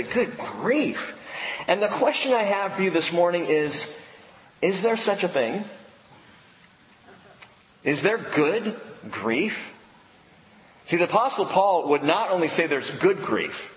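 A man preaching a sermon in a church, emphatic, pausing dramatically on key words. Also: on the high side, fairly bright tone, slight background noise. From United States. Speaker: pastor. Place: church sanctuary. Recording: echoey hall with long reverb.

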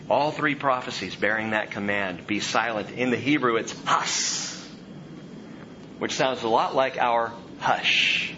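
A man preaching an expository sermon in an animated way, dropping to a hush and rising loud for emphasis. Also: medium pitch, a little slow, dull audio, background noise.

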